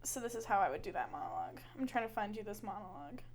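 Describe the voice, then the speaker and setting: A woman's voice: mid-range voice, very fast. A woman co-hosting a casual podcast who talks theater and giggles often while chatting. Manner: giggly, animated, swears casually. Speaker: podcast co-host, theater actor. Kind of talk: casual chat.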